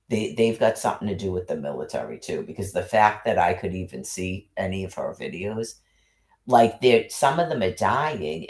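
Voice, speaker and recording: Guy ranting at his stream chat, deep-ish voice that jumps all over, cussing nonstop and restarting lines. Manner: agitated, heavy cursing, repeats and restarts, scattered accusations. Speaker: livestreamer. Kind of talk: ranting monologue to a livestream chat.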